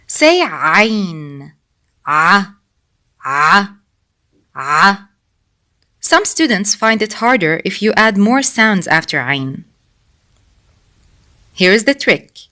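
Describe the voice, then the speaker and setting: A woman's voice: mid-range voice, sharp tone. A woman teaching a pronunciation lesson, patiently drilling each sound over and over. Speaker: Arabic teacher.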